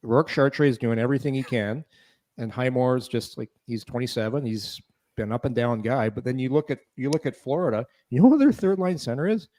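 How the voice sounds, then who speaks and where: A man on a hockey talk show panel, breaking down team lineups in quick back-and-forth talk. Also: medium pitch, warm tone, no room sound.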